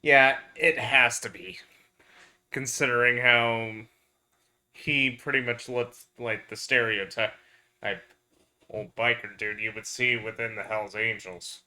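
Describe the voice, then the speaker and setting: A man's voice: medium pitch, little pitch movement, slow, sharp tone. A man giving casual gameplay commentary with laid-back, dry reactions. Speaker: streamer.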